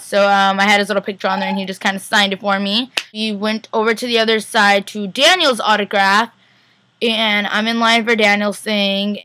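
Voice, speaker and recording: A young woman vlogger telling a story in a fast, excited, casual way. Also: medium pitch, no room sound, rough recording. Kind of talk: casual chat.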